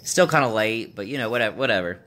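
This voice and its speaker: A low-voiced man tells a rambling story straight to camera in a put-on Russian accent. His delivery is casual and wry, with plenty of asides. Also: lively intonation, fast talker, sharp tone, slight background noise. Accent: Russian-style put-on accent. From United States. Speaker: vlogger.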